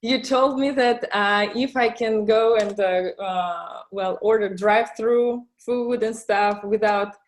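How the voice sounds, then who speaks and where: Russian-accented woman hosting, hesitant. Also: mid-range voice. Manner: hesitant, with frequent fillers and quick laughs. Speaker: host. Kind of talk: casual interview chat.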